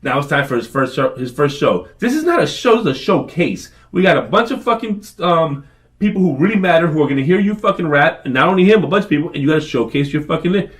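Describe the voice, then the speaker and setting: A man co-hosting a podcast, telling a profane story with animated energy and a constant stream of swearing. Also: on the high side, quick pace. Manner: animated, swears constantly, acts out shouted quotes. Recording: somewhat distant from the mic.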